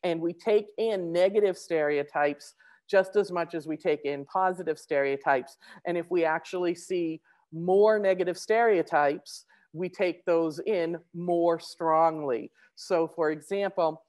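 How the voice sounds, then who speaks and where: Fast-talking woman presenter, low voice. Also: darkish tone. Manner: fast-talking, many restarts and fillers. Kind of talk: conference presentation.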